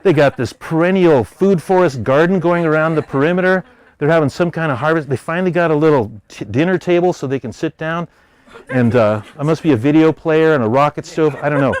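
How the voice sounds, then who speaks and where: A man with an American accent giving an animated public talk, telling stories and voicing characters in quotes. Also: a little high, brisk, clean tone. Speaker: speaker.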